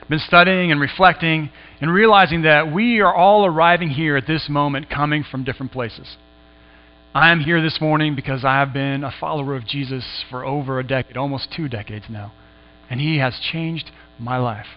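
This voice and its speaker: A man preaching in a church, telling the story with quiet, hushed stretches and bursts of excitement. His voice sits a little high for a man. The recording is muffled, with a long echo and a low mains hum behind him. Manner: dramatic retelling, dropping to hushed tones, rising with excitement. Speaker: pastor. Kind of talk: sermon, storytelling a scripture passage. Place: church sanctuary.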